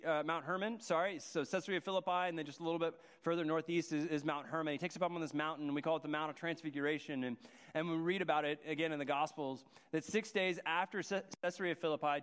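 A man's voice: a little high, a bit bright, clean tone. A man preaching a sermon, earnest and restarting his phrases as he goes. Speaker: pastor. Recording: long hall reverb.

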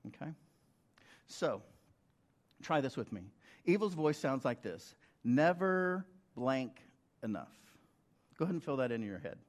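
A man's voice: medium pitch, very animated, normal speed, pauses often, darkish tone. A middle-aged man preaching a sermon in a conversational way, often asking the congregation rhetorical questions. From United States. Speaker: pastor.

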